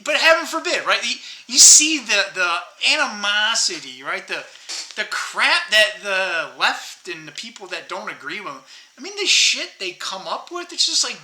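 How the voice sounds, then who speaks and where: A man's voice: high voice, big pitch swings, normal speed, bright, forceful tone. An American man rambling in a casual monologue, laughing often and tagging his sentences with "right?" and "dude.". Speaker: vlogger. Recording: echoey room.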